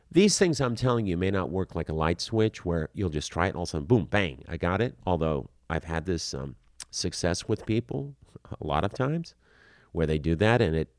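A man's voice: deep voice, no room sound, studio quality. A man coaching actors on auditions, talking bluntly and animatedly, scolding then encouraging in casual, slightly profane language. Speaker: acting coach. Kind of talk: instructional talk to camera.

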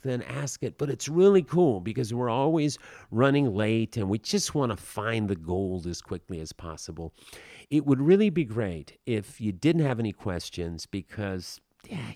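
A man's voice: on the low side, darkish tone, no room sound, clean studio sound. A man hosting a podcast, giving blunt, emphatic advice in a casual monologue with a wry edge.

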